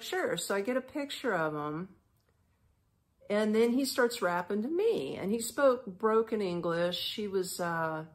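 A woman from the United States tells a personal travel story on her podcast in a loose, conversational way. She is animated and chatty, acting out both sides of each exchange, with a voice that sits somewhat low for a woman. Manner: animated, chatty, full of fillers and quoted dialogue. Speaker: podcast host. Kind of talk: casual storytelling.

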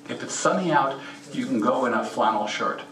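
A man's voice: medium pitch, lively intonation, normal speed, fairly bright tone. A man giving a casual slide presentation at a mineral show, plainspoken and folksy, offering practical advice directly to the audience. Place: meeting room at a rock and mineral show. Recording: echoey room, speaker far from the mic.

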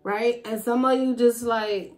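A woman's voice: fairly high pitch, fairly even intonation, measured pace, soft background music. A woman giving a casual, rambling tarot reading, thinking aloud with fillers and trailing thoughts. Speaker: tarot reader.

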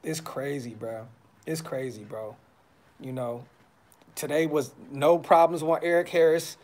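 Guy on his fan podcast ranting after a loss, slangy, blunt, kinda high voice. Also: fairly even intonation, a little slow, darkish tone. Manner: frustrated, blunt, slangy, repeats himself. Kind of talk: casual live-stream reaction chat. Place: brother's house.

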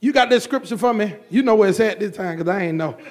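A man preaching a sermon in a church, with a rhythmic, repetitive cadence and shouted bursts. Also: high-pitched, lively intonation, fast. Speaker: pastor.

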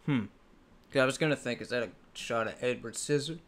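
A man's voice: mid-range voice, a little fast, fairly bright tone. A man hosting a reaction video, casually exclaiming, swearing and laughing as he comments on a rap track.

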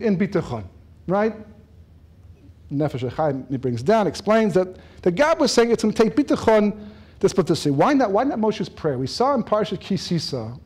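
Guy giving a torah talk, voice sits high and jumps all over, laughs at his own jokes. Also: breathy edge. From lives in Israel. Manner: animated, jokes and laughs, acts out dialogue. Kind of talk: lively Torah lecture. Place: lecture room.

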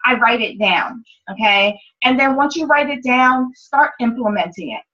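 A woman's voice: fairly high pitch, normal speed, pushed and bright, dull audio. Upbeat, candid woman leading a sales meeting. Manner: upbeat, candid, emotional, swears casually. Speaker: sales team leader. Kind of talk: motivational team meeting talk.

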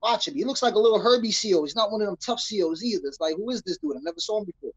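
A young man with a husky, breathy voice, telling a story as an interview guest. He acts out the people he quotes in street slang. The sound is close and dry on a dull, slightly lo-fi recording. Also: sits high, expressive, racing, no echo. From New York City. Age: young adult. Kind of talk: casual storytelling.

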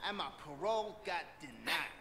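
A man's voice: a little high, lively intonation, normal speed, gravelly. An actor voicing a bitter, sarcastic young male prison inmate in a video game. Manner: sarcastic, whiny. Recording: game audio with prison crowd chatter.

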